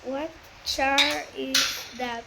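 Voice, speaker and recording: A woman giving casual, slangy commentary while playing an online game, excitable and quick to rant. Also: high voice, very noisy. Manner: slangy, keeps saying bro.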